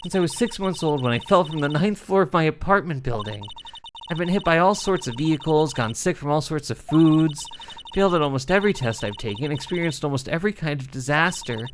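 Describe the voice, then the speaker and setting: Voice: mid-range voice, lively intonation, a little fast, slight background noise, close to an everyday voice. A streamer voicing a chirpy, unlucky young policewoman. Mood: determined. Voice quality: chirpy, saying "sir" a lot. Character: clumsy unlucky young policewoman, eager, polite. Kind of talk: reading game dialogue aloud on a live stream. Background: game music.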